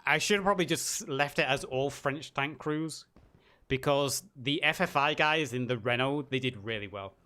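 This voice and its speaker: A man's voice: medium pitch, normal speed, pushed and bright. A tired man, a caster rambling through a casual stream sign-off with self-deprecating jokes.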